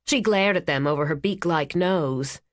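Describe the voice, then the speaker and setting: A woman narrating a thriller audiobook in an even, steady storytelling manner. Her voice sits fairly low, and the close studio recording is completely dry. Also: moderate pace, dry recording.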